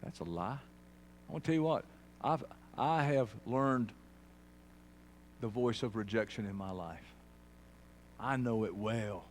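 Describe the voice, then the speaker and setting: A man preaching a sermon, swinging from quiet, low passages to loud, shouted peaks. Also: a little slow, pauses often, a little hiss or hum. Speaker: pastor.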